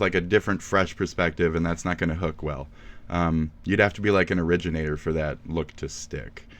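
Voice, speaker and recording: A man in his forties talks in a casual, rambling way, with a very low, deep voice. He is sardonic and swears often while he chats as host. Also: fairly bright tone. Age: 40s. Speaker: YouTuber host. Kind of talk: casual chat.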